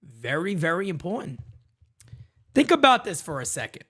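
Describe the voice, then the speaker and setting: A man hosting a live sports podcast, animated and talking straight to his viewers between callers. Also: sits high, moderate pace. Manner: animated, hypes up callers, shouts catchphrases. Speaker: podcast host. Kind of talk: live show reading voicemails.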